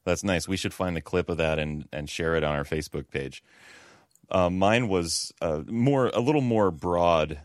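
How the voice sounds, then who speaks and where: A man hosting a casual sports podcast, telling a relaxed, reflective story. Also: deep voice, normal speed, no room sound, clean studio sound. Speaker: podcast host. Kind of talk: casual chat.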